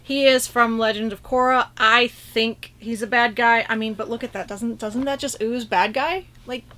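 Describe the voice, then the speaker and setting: A woman's voice: fairly high pitch, fairly even intonation, moderate pace, pushed and bright. A woman co-hosting an unboxing, chatting casually and restarting her sentences. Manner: chatty, hesitant, trails off and restarts. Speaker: co-host.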